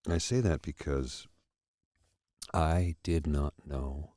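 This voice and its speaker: A man hosting a soft-spoken ASMR chat, reflective and halting, with pauses and restarts, close to the mic in a quiet room. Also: a bass voice, steady tone, no room sound. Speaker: host.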